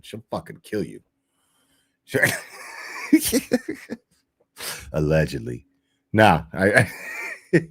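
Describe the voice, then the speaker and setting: A man's voice: lowish voice, fairly bright tone. A man hosting a livestream, chatting casually in profane, rambling, jokey rants. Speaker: livestream host.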